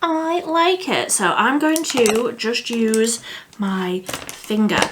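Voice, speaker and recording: Casting: young woman vlogger, unhurried and chatty, musing aloud as she works. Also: medium pitch. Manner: chatty, thinks aloud, laughs at herself. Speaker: beauty vlogger. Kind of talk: casual makeup tutorial chat.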